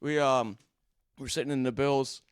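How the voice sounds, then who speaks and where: A man jokes around on a podcast, laughing often and swearing casually. His voice sits at an ordinary middle pitch. The recording is close and dry. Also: fairly even intonation, moderate pace, clear, resonant tone, no room sound. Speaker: podcast co-host. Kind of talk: casual chat. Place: studio.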